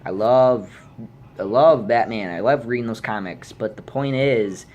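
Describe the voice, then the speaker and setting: A man vlogging an angry movie rant, swearing freely and jumping into high yells when outraged. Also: a little slow, dull audio, slight background noise. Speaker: YouTube vlogger.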